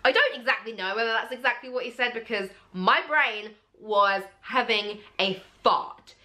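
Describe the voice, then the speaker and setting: A young woman, casually telling a personal story to camera and acting out what people said. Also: moderate pace. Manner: animated, acts out quotes in a jumpy high voice. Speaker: vlogger.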